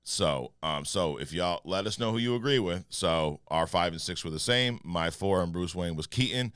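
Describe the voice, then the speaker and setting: A man co-hosting a podcast in casual, animated chat, joking and mimicking voices. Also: low voice, normal speed, smooth, dry recording, studio quality. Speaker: podcast co-host.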